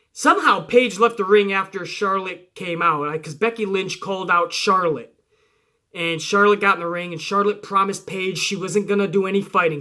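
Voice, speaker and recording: Speaking in a voice that sits high, the host of a wrestling review show runs through recent matches with casual excitement. He curses frequently and performs the quotes as he retells them.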